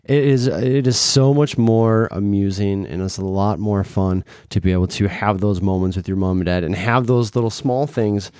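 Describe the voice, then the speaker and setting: A man's voice: lowish voice, steady tone, moderate pace, hardly any pauses, darkish tone, clean tone, no room sound, studio quality. A middle-aged man and father hosting a podcast, chatting casually in a playful, teasing way. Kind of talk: casual family chat.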